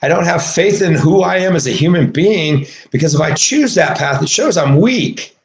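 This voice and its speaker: A man's voice: expressive, normal speed, vocal fry. Agitated swearing man in an echoey room. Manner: agitated, swearing, swings from low mutters to shouting. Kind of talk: emotional monologue to camera.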